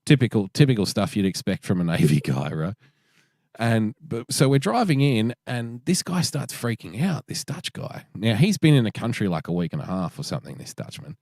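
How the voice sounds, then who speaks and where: A man's voice: on the low side, big pitch swings, fairly quick, gravelly, darkish tone, no room sound, clean studio sound. A man with an Australian accent hosting a podcast, telling rambling, profane anecdotes in a casual chat. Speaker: podcast co-host.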